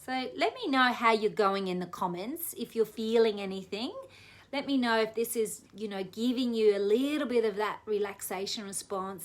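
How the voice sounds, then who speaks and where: A woman teaching a guided self-massage for relaxation, talking gently and slowly in a soothing way. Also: medium pitch. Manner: gentle, soothing, slow guidance with soft laughs. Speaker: wellness educator.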